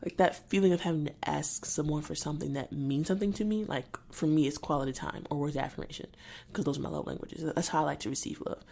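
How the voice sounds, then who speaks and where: A young adult woman hosting a solo podcast, venting with irritation and halting, restarting speech. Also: deep voice, gravelly, darkish tone. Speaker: podcast host.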